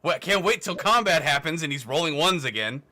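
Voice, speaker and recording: A man's voice: a little high, animated, a little fast, sharp tone. A young man running a tabletop game as game master, laughing often between hesitant narration.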